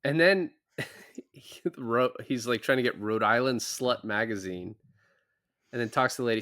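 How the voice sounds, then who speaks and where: Dude on a movie podcast, rambly, laughs a lot, dry close sound. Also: male voice, medium pitch, measured pace, long pauses, sharp tone, dry recording. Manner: rambling, speculative, laughs often. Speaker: podcast co-host. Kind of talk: casual movie chat.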